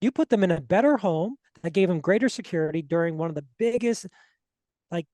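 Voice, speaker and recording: A male podcast host with a notably high voice, recorded close and dry with no room sound. He affirms his guest warmly in loose, filler-laden talk, ending points with "right?". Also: lively intonation, a little fast, no room sound. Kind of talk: interview talk.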